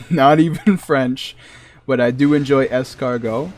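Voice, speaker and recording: A man's voice: mid-range voice, slow pace, darkish tone. A man with a Massachusetts accent chatting casually while streaming a game, rambling and chuckling between asides. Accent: New England (Massachusetts). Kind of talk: casual chat while gaming.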